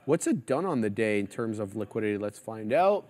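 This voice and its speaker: A man's voice: lowish voice, big pitch swings, brisk, darkish tone. A man hosting a live trading show, giving casual, chatty market commentary as he walks through stock charts. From Canada.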